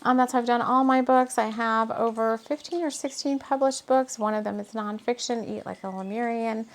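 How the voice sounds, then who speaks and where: A fairly high-pitched woman with a gravelly, fry-tinged voice, chatting casually as a spiritual host. She rambles, laughs often and fills pauses with "um" and "you know" while drawing tarot cards. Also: fairly even intonation.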